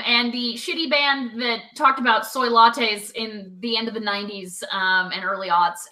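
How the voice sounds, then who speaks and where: A woman's voice: a little high, pushed and bright. A woman co-hosting a comedy podcast, joking crudely and swearing freely in casual chat. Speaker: podcast co-host.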